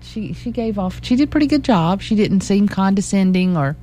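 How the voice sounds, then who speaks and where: A woman with a Southern US accent, co-hosting local radio, chatting casually and then slowly reading classified listings and phone numbers. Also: medium pitch, lively intonation, dark tone. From American South.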